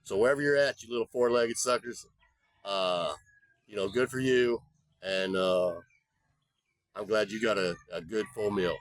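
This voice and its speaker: A man's voice: fairly low pitch, unhurried, pauses often. A man vlogging, telling a rambling story in a folksy, profane, casual way. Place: abroad in the Philippines.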